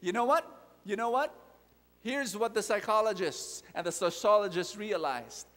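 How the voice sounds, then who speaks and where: A man preaching a sermon, animated and repetitive, putting direct questions to the audience. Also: high-pitched, moderate pace. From Philippines. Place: large convention hall. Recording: long reverb of a large hall.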